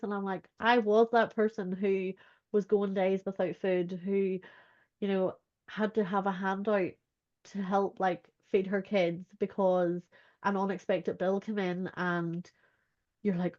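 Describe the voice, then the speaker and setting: A woman's voice: mid-range voice, flat delivery, moderate pace, a little mellow. A woman, talking earnestly as a podcast guest, with "like" in most sentences. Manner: earnest, uses "like" a lot. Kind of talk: candid personal chat. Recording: dull lo-fi sound.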